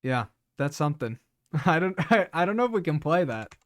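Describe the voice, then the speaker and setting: A man's voice: a little high, sing-song, moderate pace. A man streaming live, chatting casually with his viewers, laughing often and repeating words as he talks.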